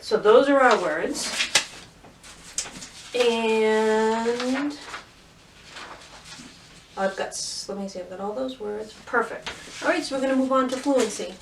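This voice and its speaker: A woman teacher giving a phonics lesson to young children from home, sounding words out letter by letter. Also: mid-range voice. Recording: roomy echo, distant mic, faint noise.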